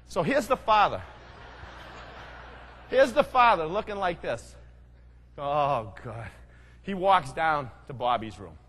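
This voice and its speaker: Animated, husky male storyteller in a hall. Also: sits high, unhurried. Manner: animated storyteller, asks the audience "right?". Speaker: speaker. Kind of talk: storytelling talk. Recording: long hall reverb.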